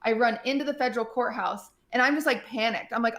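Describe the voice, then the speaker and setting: A woman streamer in casual chat, telling a story in an animated way, full of fillers and acted-out quotes. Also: a little high, fast talker.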